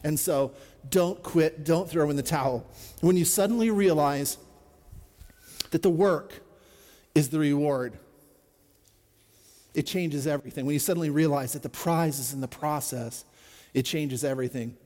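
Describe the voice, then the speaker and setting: A man's voice: fairly high pitch, normal speed, pauses often, darkish tone, in a large hall. A middle-aged man preaching a sermon as a pastor, in an earnest, conversational way with repeated refrains.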